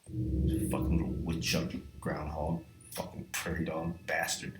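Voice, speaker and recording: A man telling a comedic horror story in a profane, exasperated way, swinging between hushed whispers and shouts, recorded in an echoey room with music behind. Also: extremely low pitch, monotone, unhurried, far from the mic.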